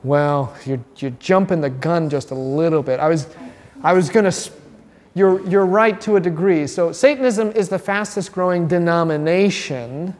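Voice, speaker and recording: A man, a pastor, teaching a catechism class in a lively, chatty way and asking the group questions. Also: fairly high pitch, normal speed, in a large hall.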